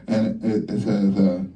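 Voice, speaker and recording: Brash profane young stand-up comic. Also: male voice, flat delivery, takes it slowly, warm tone, recorded from a distance, slight background noise. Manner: brash and profane, acting out dialogue with big pitch jumps. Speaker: stand-up comedian. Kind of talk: stand-up routine. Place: comedy club stage.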